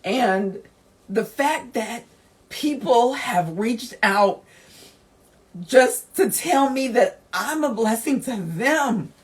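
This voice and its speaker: Slow-talking encouraging woman podcast host. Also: on the high side, lively intonation. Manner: encouraging, speaks straight to listeners; emotional, laughing through tears. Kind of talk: motivational podcast monologue.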